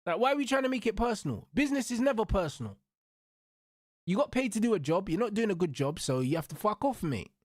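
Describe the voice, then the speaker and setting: A young man with a high-pitched, very animated voice rants hotly and fast about football as a watch-along host, recorded clean in a studio with no echo. He swears freely and piles on slang, closing every line with bro, bruv or blood.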